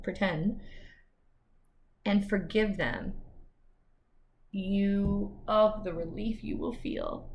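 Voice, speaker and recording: A woman's voice: medium pitch, a little hiss or hum. A woman lawyer talking candidly to camera in a personal vlog, chatty with asides.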